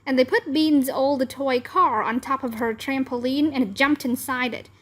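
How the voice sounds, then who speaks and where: A woman narrating a children's chapter book aloud, careful and even. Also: high-pitched, a little slow. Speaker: read-aloud channel host. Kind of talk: children's storybook read-aloud.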